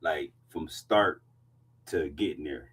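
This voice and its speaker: A man interviewing a guest in a relaxed way, often repeating his affirmations before he asks the next question. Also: very deep voice, slow pace, slightly rough. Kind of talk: casual interview.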